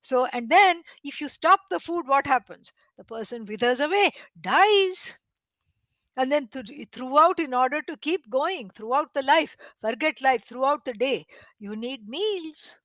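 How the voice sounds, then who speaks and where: A woman with a high voice teaches a scripture class, telling the story in an animated way. She chuckles often and chants Sanskrit lines. The recording is close and dry. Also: unhurried, no echo. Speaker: Vedanta teacher. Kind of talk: spiritual lecture with storytelling.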